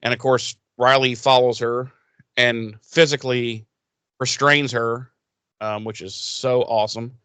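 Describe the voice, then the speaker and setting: A man's voice: mid-range voice, fairly even intonation, unhurried, bright, forceful tone, smooth, no room sound. A man co-hosting a podcast, recapping an episode in a rambling, profane way and acting out characters' lines in silly voices. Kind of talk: casual crude recap chat.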